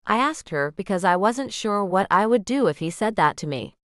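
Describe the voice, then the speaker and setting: A woman narrating a romance audiobook in the first person, with expressive, anxious storytelling. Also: medium pitch, moderate pace, no room sound, studio quality.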